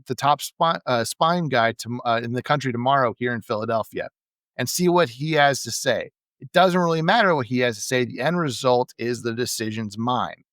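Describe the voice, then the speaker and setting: A man reading out the lines of a gruff, defiant male wrestler, blunt, combative and full of curses. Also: medium pitch, a bit bright, no echo, lightly acted.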